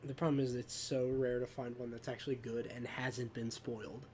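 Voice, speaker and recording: A man's voice: medium pitch, level tone, normal speed, a little mellow. A man with a mid-range voice, chatting casually as a podcast co-host. He is easygoing and agreeable and swears offhandedly, with a faint hiss behind him. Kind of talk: casual chat.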